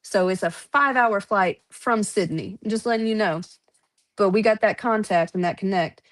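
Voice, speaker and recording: Woman in her 30s to 40s, wrestling promoter guest, chatty and loose, lots of "um"s, laughs easily, mid-pitched. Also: normal speed. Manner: chatty, laughs often, lists promotions with many fillers. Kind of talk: casual podcast chat.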